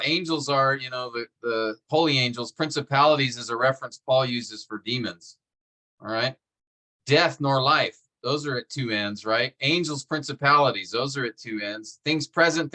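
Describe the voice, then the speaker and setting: A man's voice: mid-range voice, pushed and bright. A man teaching a seminary class over a video call, explaining step by step and checking in with "right?". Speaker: seminary instructor.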